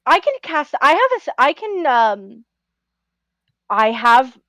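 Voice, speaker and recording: A woman's voice: high voice, very animated, slow pace, fairly bright tone, no room sound, pitched above the performer's own voice, full character voice. A woman voicing an awkward female warrior in a mourning veil, who stammers and gets flustered.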